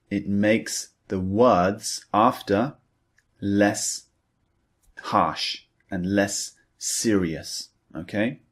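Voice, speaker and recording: A male English teacher with a lowish voice, giving a scripted lesson. He talks slowly and patiently and checks in with the listener through questions as he goes. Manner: measured, patient explaining with rhetorical questions.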